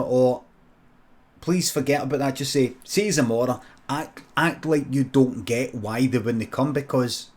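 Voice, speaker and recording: Improvising a comic tale, this Scottish man, a comedian who streams, delivers sweary, deadpan narration in a mid-range voice, slipping in fast, muttered side comments.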